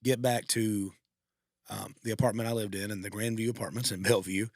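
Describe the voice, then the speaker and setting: A man's voice: on the low side, steady tone, a little fast, no room sound, clean studio sound. A man co-hosting a podcast, telling a heartfelt personal story in a rambling, emotional way with many restarts. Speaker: podcast co-host. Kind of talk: casual storytelling.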